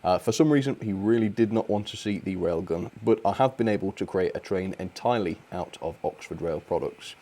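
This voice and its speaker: Chatty man, lowish voice. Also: brisk, hardly any pauses, dark tone. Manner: chatty, cheerful, frequent fillers and small laughs. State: a bit out of breath. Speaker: host of a model railway live stream. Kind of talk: live stream chat, thanking viewers.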